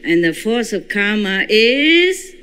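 A man whose first language is Korean, giving a spiritual talk in halting English with dramatic retelling. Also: sits high, very animated, very noisy. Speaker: spiritual teacher.

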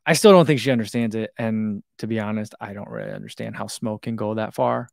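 A man's voice: on the low side, fairly quick, gravelly, hardly any pauses, a little mellow, no echo, studio quality. A man, hosting a running channel and chatting casually through live comments with lots of fillers and self-deprecating asides.

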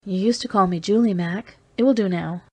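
A woman's voice: brisk, husky. A woman doing a distraught young woman pleading. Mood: earnest. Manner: high, strained, breaking pleas.

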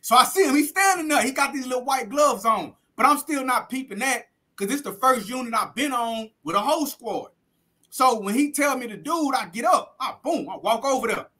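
High-voiced man telling stories. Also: expressive, brisk, sharp tone. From Texas. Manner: vivid street slang, heavy cursing, acts out scenes. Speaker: interview guest recounting prison life. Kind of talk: casual storytelling interview.

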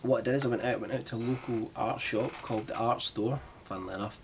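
A man's voice: mid-range voice, fast talker, vocal fry, slight background noise. A young man with a Glaswegian Scottish accent, chatting casually to camera in a self-deprecating, rambling way. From Glasgow, Scotland. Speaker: vlogger. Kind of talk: casual vlog chat.

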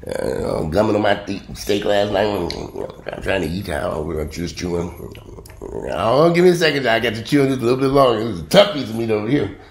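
A man's voice: on the low side, animated, brisk, creaky. A man, rambling bluntly and profanely to camera in a casual vlog. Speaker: vlogger. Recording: roomy echo.

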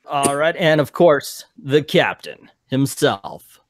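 A man's voice: animated, takes it slowly, no room sound, studio quality. A man hosting a casual comic book debate show, loose and joking. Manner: theatrical, booming intro then loose and joking. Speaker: host.

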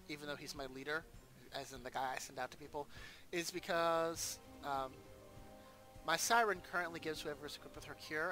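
A man talks his way through a game in a loose, chatty manner, pausing with ums as he decides what to do. His voice is bright and sits a bit high for a man. Faint game music plays behind him. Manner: chatty, thinks aloud with ums and asides. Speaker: let's play host. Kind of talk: casual gameplay commentary.

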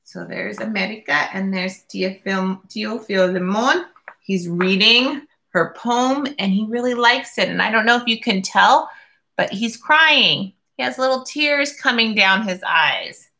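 A woman reads a picture book aloud at a slow, deliberate pace. Her voice is bright and clear, and she stops now and then to describe the pictures. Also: medium pitch. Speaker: reader.

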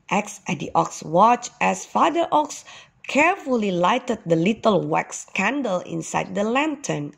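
A woman kindergarten teacher reads a children's story aloud. Her pace is very slow and her pitch moves expressively, while her voice carries a gravelly, slightly husky texture. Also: sing-song.

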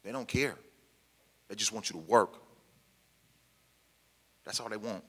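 Speaking with a lowish, slightly rough voice at a measured pace, this formerly incarcerated Pacific Northwest man sounds bright and forceful. He gives an impassioned public talk in a meeting hall, stressing and repeating his main points in everyday speech. Long reverb from the hall fills the recording.

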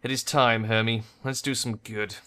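A man voicing an aging, ailing male scientist who speaks with measured, solemn conviction in a game read-through. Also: medium pitch, fairly even intonation, sharp tone, natural voice.

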